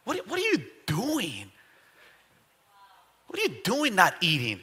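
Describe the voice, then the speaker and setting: A man acting out a sneering male tempter who mocks the faithful with rapid-fire taunting questions. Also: sits high, wildly swooping pitch, bright, forceful tone, a little hiss or hum, exaggerated voice. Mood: mocking.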